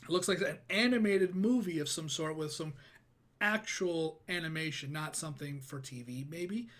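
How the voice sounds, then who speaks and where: Excitable, foul-mouthed man reacting to a trailer. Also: fairly high pitch, normal speed. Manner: excitable, profane, rambling. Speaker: reaction video host. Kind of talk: casual reaction commentary.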